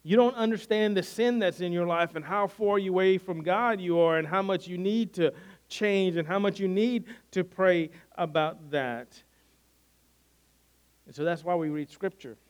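A man's voice: high-pitched, moderate pace, clear, resonant tone. Earnest man preaching a sermon. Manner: earnest, conversational preaching with frequent restarts. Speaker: pastor.

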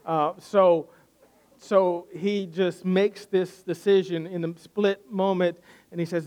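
A man's voice: high-pitched, fairly even intonation, takes it slowly, a little mellow. A man preaching a sermon, retelling a scripture story in a conversational way and often restarting with repeated words.

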